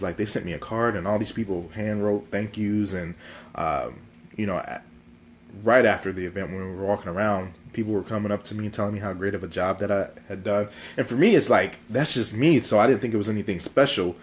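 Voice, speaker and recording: A man's voice: low-pitched, a little hiss or hum. A man hosting his own video talk show, chatting casually and goofily with a stuffy, congested throat and lots of fillers, recorded on a phone. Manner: chatty, goofy, rambling with fillers. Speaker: vlog host.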